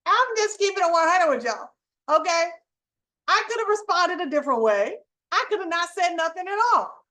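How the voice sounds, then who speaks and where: A middle-aged woman hosting her channel, telling a story in an emphatic, animated, conversational way to make a preachy point to viewers. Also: very high voice, normal speed. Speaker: channel host.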